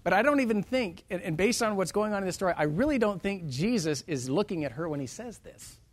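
A high-voiced man delivers a brisk, expressive sermon. He reads from scripture in old-style English before putting it into plain, relaxed words, moving dramatically between booming and hushed tones.

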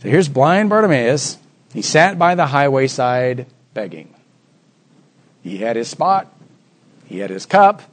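A man preaching a sermon, acting out the voices of the Bible story with dramatic swings from soft to loud. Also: mid-range voice, sing-song, unhurried, pauses often.

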